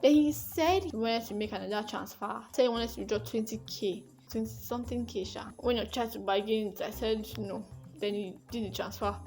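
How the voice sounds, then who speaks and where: A young woman with a Nigerian accent tells a story to her camera in a casual, chatty way. Her voice sits a little high, and she slips into the voices of the people she describes as she goes. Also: fairly quick, soft background music. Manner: lively, acts out the dialogue she recalls. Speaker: vlogger.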